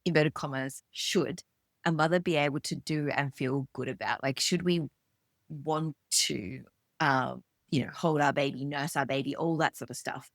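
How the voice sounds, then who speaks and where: A woman's voice: low-pitched, fairly even intonation, normal speed, no echo, studio quality. A woman hosting a podcast, asking chatty, curious questions in a candid, casual way. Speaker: podcast host. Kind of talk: casual interview.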